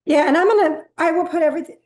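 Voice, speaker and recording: A woman's voice: very high-pitched, rapid-fire, darkish tone. A woman hosting an online talk over a video call, friendly and informal, losing her voice. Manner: friendly, informal, scattered announcing. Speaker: event host.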